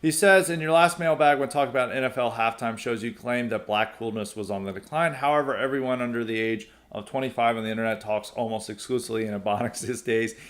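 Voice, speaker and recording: A man's voice: mid-range voice, quick pace, few pauses, a bit bright. A young adult man hosting a podcast, answering listener mail in a rambling way with frequent fillers and restarts. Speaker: podcast host. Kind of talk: casual mailbag commentary.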